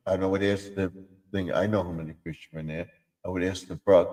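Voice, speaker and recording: A man with a fairly low voice chats loosely on his live stream. He rambles from idea to idea and keeps slipping into silly voices. His words hang in a long reverb. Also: flat delivery, brisk, darkish tone. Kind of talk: casual live stream chat.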